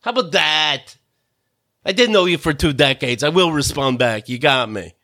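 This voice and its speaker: A man rants on a podcast, his voice swooping all over the place as he swears and vents. It has a bright, forceful edge that jumps from low grumbles up to shouts. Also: expressive, normal speed. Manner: exasperated, swearing, swinging between mutters and shouts. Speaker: podcast host. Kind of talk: profane comedic rant.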